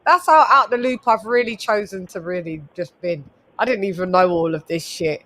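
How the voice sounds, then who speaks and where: A woman runs a casual livestream, chatting loosely and greeting viewers by name as they arrive. She talks at an everyday pitch in a relaxed, conversational way. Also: moderate pace. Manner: chatty, reads chat aloud, greets viewers. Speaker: host.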